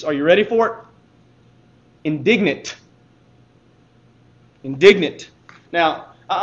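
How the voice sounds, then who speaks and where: A man's voice: sits high, fairly bright tone, reverberant, highs cut off. A man preaching a sermon as pastor, talking to the congregation conversationally and building to emphatic points.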